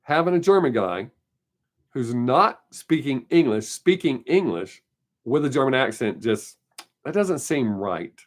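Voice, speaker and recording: A man's voice: mid-range voice, sing-song, unhurried. A man hosting his weekly live stream, chatting casually and answering viewer comments in a rambling, opinionated way. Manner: rambling, opinionated, laughs often.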